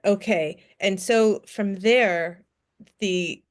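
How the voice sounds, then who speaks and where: A woman in her forties hosting a health interview, asking her guest questions. She talks slowly and without hurry, weighing her words. Her pitch sits in the middle of the range. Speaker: host, therapist. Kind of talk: interview conversation.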